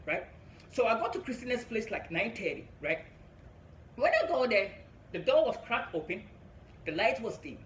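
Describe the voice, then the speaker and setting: A man's voice: high voice, fairly bright tone, roomy sound, a little hiss or hum, rough recording. A young man from Africa with an African English accent, telling a stand-up story, chuckling at his own jokes and checking in with "right?" between lines. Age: young adult. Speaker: comedian.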